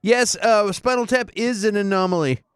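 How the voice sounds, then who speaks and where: A man hosting a podcast in casual chat, rambling and halting with fillers and restarts. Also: high-pitched, clear, resonant tone, no room sound, clean studio sound. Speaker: podcast host.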